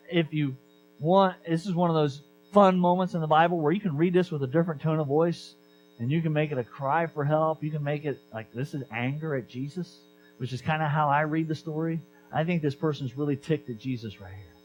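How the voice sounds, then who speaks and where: A man preaching a sermon as pastor, conversational and animated, repeating key lines for emphasis. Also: fairly high pitch, brisk, a little hiss or hum, rough recording.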